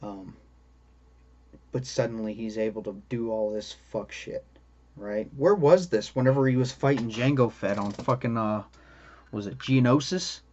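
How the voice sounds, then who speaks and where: A man's voice: medium pitch, moderate pace, a little mellow. A man ranting about a show he dislikes, swearing constantly and asking "okay?" for emphasis. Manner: profane, exasperated ranting. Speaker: vlogger. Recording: dull lo-fi audio with faint ambient noise.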